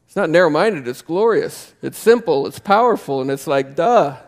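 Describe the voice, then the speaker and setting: Guy preaching in church, gravelly, kinda high voice, gets loud and fired up. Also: lively intonation. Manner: impassioned, conversational preaching with quick swings to loud emphasis. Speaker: pastor. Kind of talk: sermon. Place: church sanctuary.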